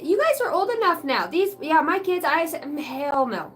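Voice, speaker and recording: A woman's voice: very high-pitched, lively intonation, brisk, hardly any pauses, a bit bright, recorded from a distance, faint music behind, poor audio. A woman hosting a card-reading livestream, venting in a rambling, profane way and chatting with viewers by name. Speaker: oracle card reader and livestream host. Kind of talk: casual livestream rant.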